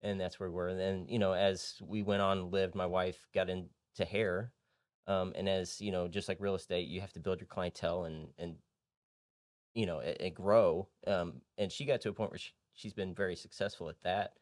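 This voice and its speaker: A real estate agent from Indianapolis, appearing as a podcast guest, tells his story in a recording studio with no echo. His voice is low and steady at a moderate pace, and his casual interview storytelling is earnest, rambling and easygoing.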